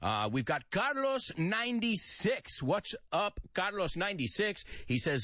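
A man's voice: high voice, sing-song, measured pace, hardly any pauses, pushed and bright, dry recording. A man hosting a radio show, reading listener comments aloud and teaching English idioms, with bits of Spanish mixed in. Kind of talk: lively radio show chat.

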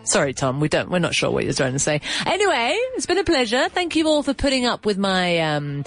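Lively woman teacher with a cold. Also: medium pitch, soft background music. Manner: chatty, teasing, quick to laugh. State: congested with a cold. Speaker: English teacher and show host. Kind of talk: casual live English lesson.

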